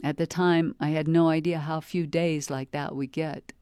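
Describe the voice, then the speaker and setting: A reader calmly delivering a wry first-person novel excerpt for a library promotion. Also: medium pitch, normal speed, clean tone, no room sound, clean studio sound. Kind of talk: scripted first-person audiobook-style reading.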